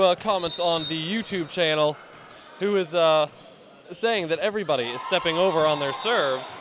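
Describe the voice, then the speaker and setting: A man's voice: high voice, a bit bright, a little hiss or hum. An American man giving live volleyball co-commentary, chatty and hesitant with many restarts.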